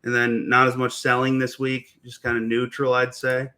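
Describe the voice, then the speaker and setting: A young man explains stock charts as a guest trader, relaxed and plain-spoken with casual slang. His voice sits at an ordinary middle pitch. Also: normal speed. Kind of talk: casual chart analysis on a livestream.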